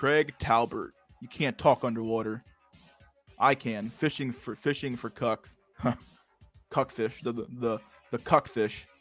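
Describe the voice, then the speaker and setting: A man's voice: mid-range voice, fairly even intonation, unhurried, soft background music. A man hosting a casual livestream, rambling crudely and swearing as he reacts to memes. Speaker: livestream host.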